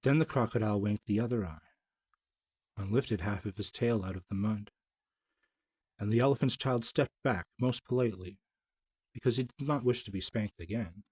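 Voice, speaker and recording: A man reading a children's story aloud in a measured, gently dramatic way, as a storyteller. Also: fairly low pitch, husky, no echo, low-quality recording.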